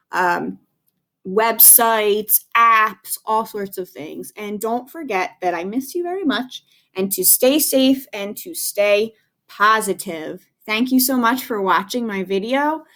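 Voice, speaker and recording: With a mid-range, slightly bright voice, a woman teaches a recorded phonics lesson aimed at young children. She's a second grade teacher, and she speaks clearly and carefully in a patient, encouraging manner.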